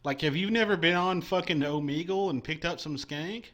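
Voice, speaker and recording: A man's voice: on the high side, moderate pace, fairly bright tone. A man hosting a live call-in stream, brash and profane, taking callers with mock-patriotic banter. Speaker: call-in show host.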